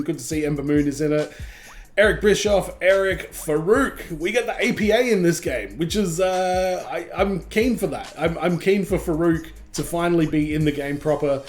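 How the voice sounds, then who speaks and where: Man reading a game roster. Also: on the high side. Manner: reads names off a list with quick asides. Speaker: gaming channel host. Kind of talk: casual reaction commentary.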